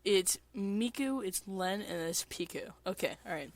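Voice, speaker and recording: Animated and speaking a little slowly, a woman with a mid-range voice and a mucusy, congested throat chats on a stream from her basement apartment. She's crude, curses a lot, and rambles with fillers; there's no echo.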